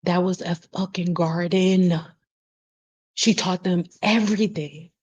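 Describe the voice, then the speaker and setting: Her voice is lowish and steady, darkish in tone with the highs cut off, and she takes it slowly. A cosmetologist vlogging casually, she swears freely, speaks bluntly and with emphasis, and calls her audience y'all while talking straight to them.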